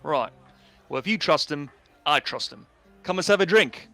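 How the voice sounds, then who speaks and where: A man's voice: fairly high pitch, animated, moderate pace, sharp tone, soft background music, voice pushed up. A man voicing a boisterous, swearing male pirate quartermaster who greets old crewmates in hearty, matey speech. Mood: friendly.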